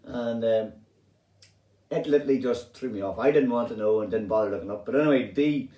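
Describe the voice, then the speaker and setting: A man's voice: medium pitch, a little fast, lo-fi sound. Swearing Northern Irish man telling his story. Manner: animated, rambling, swears freely. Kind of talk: casual personal storytelling. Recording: roomy sound, distant from mic.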